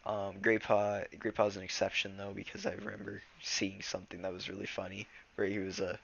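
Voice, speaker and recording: The muffled recording captures a teenage boy reading from a novel and then rambling informally, using fillers and restarting words he stumbles on. He speaks fairly quickly in a low, gravelly voice with little pitch movement.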